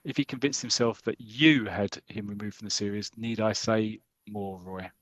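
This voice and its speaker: A man voicing an earnest, steady male police inspector in a comic re-telling, grave and measured. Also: lowish voice, no echo, close to an everyday voice.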